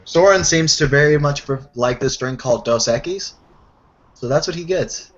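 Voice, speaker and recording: A man playing a tabletop game, chatting in an easygoing, relaxed way. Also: fairly high pitch, moderate pace. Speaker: player. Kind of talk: casual tabletop game chat. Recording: muffled lo-fi recording.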